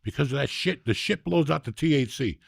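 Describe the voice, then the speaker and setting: An older man with a deeply gravelly, husky voice that sits low, talking in a rambling, foul-mouthed way. He hosts a casual podcast, swinging between ribbing his co-host and long stories. The sound is dry and close. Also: lively intonation, brisk, no echo. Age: 60s. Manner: profane, rambling, teasing storyteller. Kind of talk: casual chat and storytelling.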